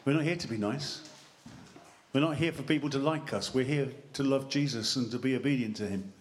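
A man preaching a sermon in church on a handheld mic, lively and joking, drawing the congregation in with questions. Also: medium pitch, fairly quick, a little hiss or hum. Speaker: pastor. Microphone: handheld microphone.

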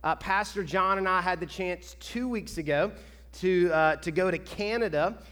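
An upbeat male pastor, fairly high-voiced, talks to his congregation in a loose, excitable way. His voice rings out through a big reverberant church hall. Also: moderate pace. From Kentucky. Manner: excitable, chatty, enthusiastic. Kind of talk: church announcements before a sermon. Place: church sanctuary.

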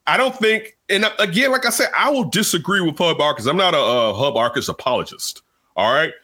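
A man hosting casual sports talk, animated and rambling, jumping from loud outbursts to low asides. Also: a little fast, breathy edge. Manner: rambling, restarts often.

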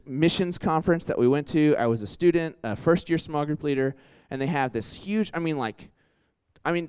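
A young man preaching in a loose, conversational way, full of "like"s and quick restarts. His voice is clean and resonant at a middle pitch. He slips in and out of other people's voices when he tells a story. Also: darkish tone, smooth. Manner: conversational, lots of "like" and restarts, acts out quotes. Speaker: campus ministry preacher. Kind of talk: casual sermon with anecdotes.

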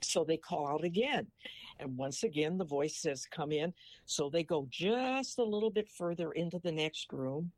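A man's voice: on the high side, lively intonation, moderate pace, no echo. A man in his eighties from Missouri, chatting in a folksy way and telling an old joke that leads into a moral. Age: 80s. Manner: folksy storyteller who ends a joke with a moral. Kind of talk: casual chat.

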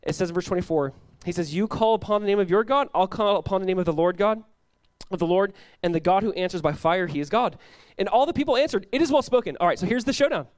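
Young male pastor, high voice, dry close sound, loose conversational sermon delivery. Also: quick pace, dry recording. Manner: casual, animated preaching with frequent "like" and laughs.

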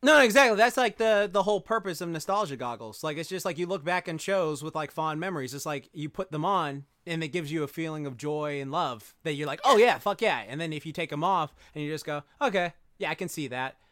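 A man co-hosting a podcast in casual chat, excitable, laughing often and swearing a lot. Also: a little high, fast, few pauses, no echo, studio quality. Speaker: podcast co-host.

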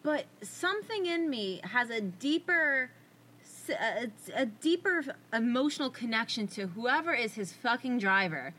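A young woman co-hosting a casual podcast, animated and jokey and swearing casually. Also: a little high, unhurried. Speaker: podcast co-host. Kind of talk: casual chat.

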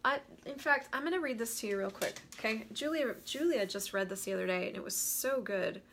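Casting: bright-voiced woman host, animated live coaching, pitched a bit high. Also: a little fast, a little hiss or hum. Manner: animated, laughs often, greets viewers mid-sentence. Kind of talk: casual live-stream coaching talk.

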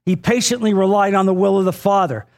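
A male pastor with a noticeably high voice for a man delivers a sermon. He talks earnestly and directly to his congregation, often repeating a phrase for weight and pausing on small fillers. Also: fairly even intonation. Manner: addresses the congregation directly, asks for an amen.

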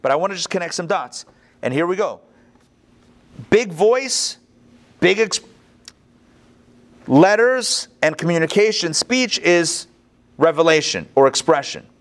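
Animated man teaching a text class. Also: high-pitched, unhurried, long pauses. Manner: conversational, animated, with restarts and asides. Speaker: Torah teacher.

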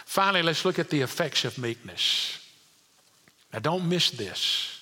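A male pastor preaching a sermon, dropping to quiet asides and climbing to emphatic points while questioning the congregation. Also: fairly high pitch, sing-song, unhurried, long reverb tail.

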